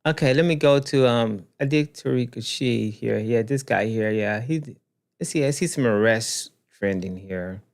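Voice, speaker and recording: A man's voice: medium pitch, normal speed, vocal fry. A man hosting a casual commentary show, reacting to news clips and talking straight to his viewers, often repeating himself. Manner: animated, repeats himself, talks to viewers directly.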